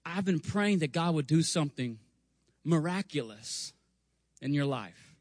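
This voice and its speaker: A man in his forties delivers a storytelling sermon in a somewhat high voice. He is animated, acting out voices and tripping over his words now and then. The sound is dry and close. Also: measured pace, no echo. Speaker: guest preacher. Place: church sanctuary.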